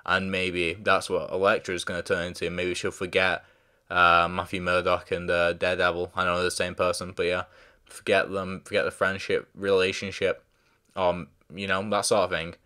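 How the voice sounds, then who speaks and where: Guy with a low voice doing a rambly casual review, keeps forgetting names and saying sorry. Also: completely flat delivery, moderate pace, bright, forceful tone, clean tone. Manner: rambling, full of fillers and restarts; loses track of names, apologises. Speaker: show reviewer.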